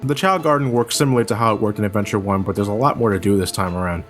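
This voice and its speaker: A man doing a comedic, scripted video game review voice-over, ranting with plenty of swearing and breaking into sudden exasperated shouts. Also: fairly low pitch, racing, faint music behind.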